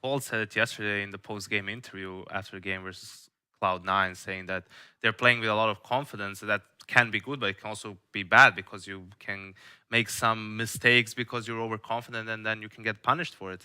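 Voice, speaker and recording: A man giving measured esports analysis on a studio desk. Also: lowish voice, fairly even intonation, sharp tone, clean tone.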